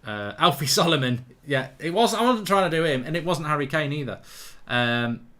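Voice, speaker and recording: A man's voice: fairly high pitch, animated, normal speed, bright, forceful tone. A man hosting a live football watchalong, chatting and answering viewer questions. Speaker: host.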